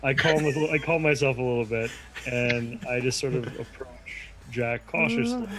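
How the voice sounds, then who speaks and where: A man's voice: medium pitch, lively intonation, moderate pace, low-quality recording. A man playing a tabletop game, speaking cautiously and in character. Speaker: player. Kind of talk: tabletop role-play.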